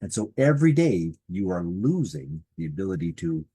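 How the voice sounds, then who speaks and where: A middle-aged man gives a motivational business talk with a husky, slightly breathy voice. His pitch swings up and down a lot as he speaks. He talks in a folksy way and keeps checking in with his listeners. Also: normal speed. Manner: animated, folksy, checks in with "okay?". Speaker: presenter.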